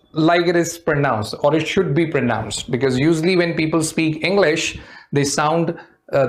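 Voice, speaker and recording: A man teaching a live online English class. He explains quickly in Hindi, switches to slower, careful English, and drills tongue twisters with his students. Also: fairly high pitch.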